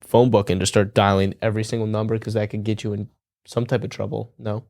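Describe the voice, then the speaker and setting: Low-voiced laid-back podcast host. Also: male voice, flat delivery, fast talker, gravelly, a little mellow, dry recording. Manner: loose, filler-heavy questions with lots of "like". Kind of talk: casual podcast interview.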